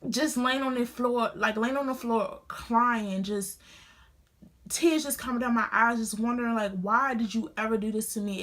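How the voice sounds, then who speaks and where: A young woman beauty vlogger, her voice a little high and fairly bright, tells a painful personal story to a phone camera in her home studio. Her speech is casual, earnest, and emotional, with many restarts.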